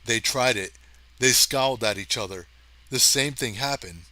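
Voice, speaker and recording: A man narrating a science fiction story aloud with lively drama, now and then turning to chat casually with his listeners. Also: mid-range voice, measured pace, dry recording. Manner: lively, chatty, talks to listeners directly. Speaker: audiobook reader.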